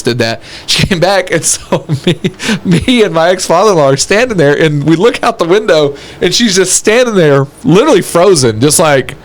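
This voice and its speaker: A young man from Texas, co-hosting a podcast and telling funny stories in casual chat, often laughing as he talks. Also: high voice. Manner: animated, laughs through his stories. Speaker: podcast co-host.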